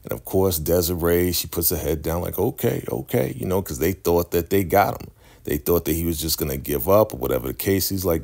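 A man's voice: sits low, normal speed, vocal fry. A man casually recapping a TV episode, acting out the characters' lines and laughing often. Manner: animated, acts out quotes, frequent laughter. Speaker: recap host.

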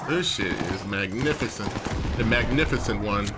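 A man giving profane, excitable commentary over his own gameplay, often breaking into yells. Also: fairly low pitch, normal speed. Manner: profane, excitable, swings to yelling. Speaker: gaming streamer. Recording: game gunfire noise behind.

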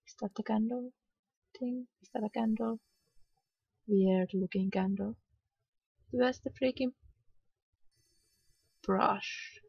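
Slow, husky, sleepy woman gamer. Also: medium pitch, dry recording, lo-fi sound. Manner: sleepy, yawning, mildly exasperated muttering. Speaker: gamer playing a hidden-object game. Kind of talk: casual let's-play commentary.

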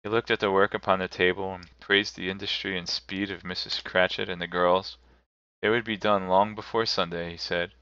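A man streaming a live narration of a classic novel, telling it in a measured, steady way. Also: deep voice, smooth, muffled recording. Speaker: streamer reading aloud.

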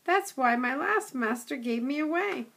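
A woman voicing a timid young dog who is anxious and gentle, speaking in a fretful, whimpering way. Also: high-pitched, animated, measured pace, gravelly, full character voice.

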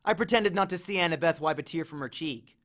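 A man reading a novel aloud in an expressive storytelling manner. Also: fairly high pitch, fast talker. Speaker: audiobook reader.

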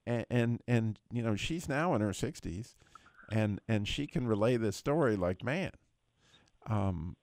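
Animated man retelling a testimony. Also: lowish voice, unhurried, dry recording. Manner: animated storyteller, voice leaping up at emotional peaks. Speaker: radio prayer show host.

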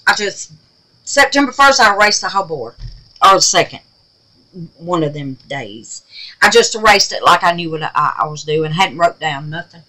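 Older woman, bright voice, affectionate, rambling, casual crafting chat. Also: on the low side, lively intonation, normal speed, poor audio. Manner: affectionate, calls viewers baby and darling; rambling and self-teasing about forgetting. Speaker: crafting channel host.

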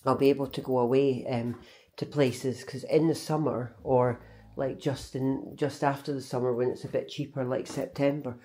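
A woman's voice: extremely low pitch, fairly even intonation, normal speed, mellow. A Scottish woman talking casually to her vlog camera, chatty and rambling, often restarting and correcting herself. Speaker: vlogger.

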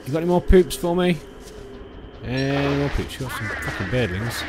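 A man commentating on a video game he is playing, excitable and sweary, often yelling at the game. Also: mid-range voice, moderate pace, over music. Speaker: let's play gamer. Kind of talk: gameplay commentary.

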